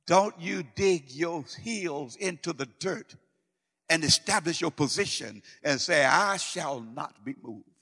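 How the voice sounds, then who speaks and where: A man delivers a sermon in a high voice, pressing his points through repetition. He swings between loud declarations and hushed pleading. A long reverb trails behind his words. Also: lively intonation, slow, breathy edge. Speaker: preacher.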